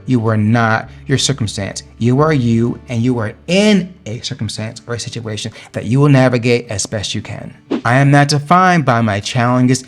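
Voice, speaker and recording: A man earnestly talking through personal affirmations in a motivational vlog, encouraging and emphatic. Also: mid-range voice. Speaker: vlogger sharing affirmations. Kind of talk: motivational talk to camera.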